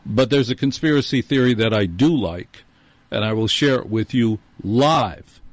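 A man hosting his own show, delivering a sardonic, gruff monologue. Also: mid-range voice, normal speed, noisy background. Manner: sarcastic, gruff. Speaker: show host.

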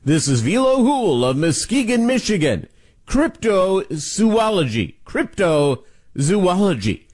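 A man reading a station promo with drawn-out, dramatic emphasis. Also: fairly high pitch, no room sound, studio quality. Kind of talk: promo read.

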